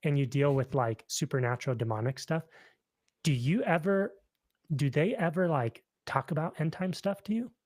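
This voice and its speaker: A man's voice: a little high, moderate pace, darkish tone, no echo, studio quality. A man hosting a podcast in casual chat, loose and slangy, saying "like" and "bro" a lot. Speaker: podcast host.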